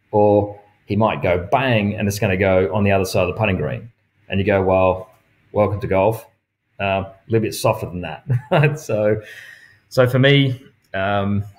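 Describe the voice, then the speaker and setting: A man with an Australian accent and a somewhat low voice, chatting casually as an interview guest. He tells stories with gusto and slips into the voices of the people he quotes. He laughs often between points. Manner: lively storyteller who acts out quoted dialogue; laughs often while talking. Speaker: touring golf pro and coach, guest.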